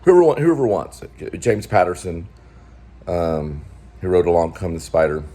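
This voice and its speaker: With a low, dark-toned voice at a moderate pace, a man who makes films and hosts a show casually works through a production meeting. He thinks aloud, wanders off track and restarts his sentences.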